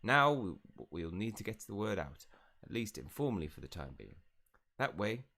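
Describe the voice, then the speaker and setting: A man's voice: fairly low pitch, very animated, normal speed, bright, forceful tone, exaggerated voice. A man reading as a pompous old ghost nobleman. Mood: grandiose. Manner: grand, formal delivery, attempting a British accent. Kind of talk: reading game dialogue aloud.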